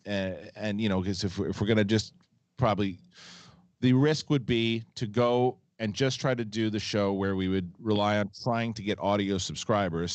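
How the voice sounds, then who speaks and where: Deep voiced guy hosting a live show, rambly and swears a bunch, dry close mic. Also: darkish tone, no room sound. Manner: rambling, frank, swears casually. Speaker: host. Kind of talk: live show chat, reading donation messages.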